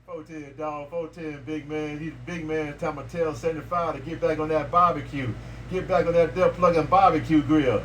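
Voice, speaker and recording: A man's voice: a little high, fairly even intonation, moderate pace, far from the mic, heavy background noise. Man bantering on a CB radio. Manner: repetitive, slangy call-and-response banter. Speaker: CB radio operator. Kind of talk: CB radio chatter.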